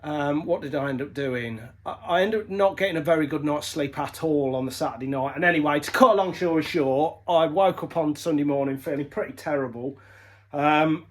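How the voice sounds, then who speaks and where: A man's voice: on the high side, fairly quick. Breathless man vlogging in workshop. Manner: rambling, many fillers and restarts. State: short of breath. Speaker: motorbike racer vlogging. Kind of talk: casual vlog update.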